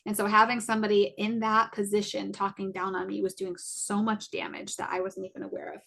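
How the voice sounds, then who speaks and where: A young woman in her twenties shares a personal story on a podcast, speaking candidly and conversationally. Her voice sits at an ordinary middle pitch for a woman. She leans on filler words and slips in nervous little laughs. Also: flat delivery, brisk, vocal fry, fairly bright tone, slight background noise. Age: 20s. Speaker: podcast co-host.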